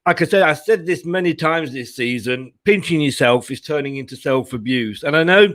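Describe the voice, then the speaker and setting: A man hosts a football fan channel's live stream in a loose, chatty way. He jokes and laughs often between his remarks. His voice sits a little high for a man. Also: expressive, moderate pace, fairly bright tone. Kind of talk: casual live-stream chat.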